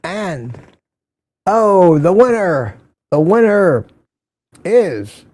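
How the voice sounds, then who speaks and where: A man's voice: a little high, animated, unhurried, dark tone, soft background music. An older man hosting a casual morning live stream, chatting and greeting viewers by name with frequent laughs.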